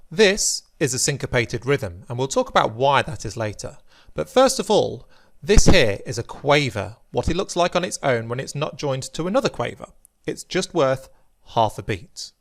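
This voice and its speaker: A British man teaching a music theory lesson, counting beats aloud slowly and clearly as he claps along. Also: medium pitch, very animated, fairly bright tone.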